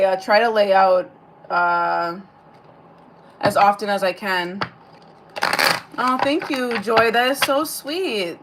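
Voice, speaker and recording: A woman's voice: mid-range voice, a bit bright, slight background noise. A woman giving a casual live-streamed tarot reading. She chats, swears freely and answers viewer comments aloud between card pulls. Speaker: tarot reader.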